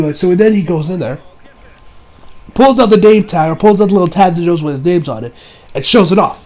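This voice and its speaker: A man's voice: high-pitched, fairly quick, long pauses, mellow, soft background music, poor audio. A young man casually recapping an anime episode, rambling and playful, laughing as he retells scenes.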